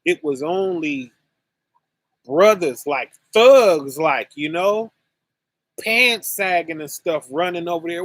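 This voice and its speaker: A man hosting a religious online conference, teaching scripture casually and speaking slowly and deliberately to his chat viewers, often asking "right?". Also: on the high side, no echo. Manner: slow and deliberate, addressing chat viewers directly; conversational, with frequent "right?" and "you know".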